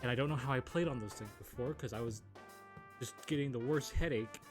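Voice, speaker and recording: A man's voice: medium pitch, brisk, music in the background. A man co-hosting a casual podcast who chimes in with short interjections and chuckles. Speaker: podcast co-host. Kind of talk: casual chat.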